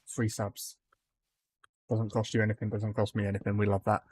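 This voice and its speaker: A man's voice: lowish voice, level tone, normal speed, long pauses, a little mellow, husky. A man streaming a game live, chatting casually with his viewers and greeting them by name, with plenty of ums. He says his accent can be hard to follow.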